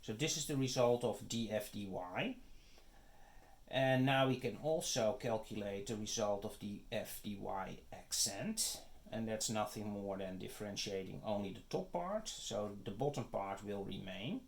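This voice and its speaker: A teacher with a lowish, creaky voice gives a math lecture at an unhurried pace. He works methodically through each step, often pausing to check in with "okay?" and "right?"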